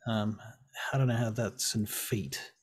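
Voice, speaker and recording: A man narrating as game master of a tabletop game, halting and searching for words as he describes scenes. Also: fairly low pitch, fairly even intonation, breathy edge.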